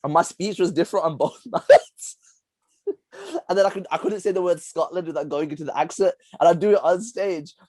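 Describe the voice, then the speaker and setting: A young man, co-hosting a casual podcast chat, rambling through animated stories with lots of laughter. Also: sits high, brisk, no echo. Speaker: podcast co-host.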